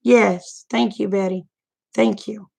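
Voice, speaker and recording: A woman's voice: mid-range voice, fairly even intonation, slow pace, vocal fry, darkish tone. A middle-aged woman, chatting frankly and folksily to her viewers, laughing often. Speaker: vlogger. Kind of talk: casual livestream chat.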